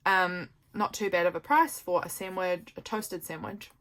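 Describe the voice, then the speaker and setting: A woman's voice: lowish voice, steady tone, moderate pace. A young woman with a New Zealand accent, chatting casually and rambling as she flips through her journal, tired and yawning. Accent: New Zealand English. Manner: chatty, rambling, warm asides to viewers. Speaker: journaling vlogger. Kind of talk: casual flip-through chat. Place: home.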